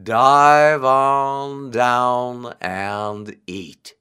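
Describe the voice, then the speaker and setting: A man voicing a slow, patient male turtle in a storybook tale, drawing out his words. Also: mid-range voice, fairly even intonation, bright, forceful tone, smooth. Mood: sly. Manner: slow and drawn-out.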